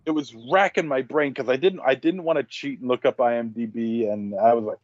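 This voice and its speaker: A man's voice: mid-range voice, fairly even intonation, fairly quick, hardly any pauses, no room sound. A man co-hosting a podcast, chatting casually and exclaiming animatedly. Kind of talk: casual film discussion. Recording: lo-fi muffled mic.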